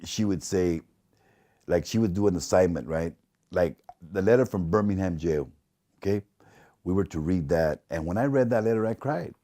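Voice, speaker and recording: Middle-aged man, interview subject; low, warm voice, animated storyteller who acts out the dialogue. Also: moderate pace. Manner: animated, acts out quoted dialogue, laughs often.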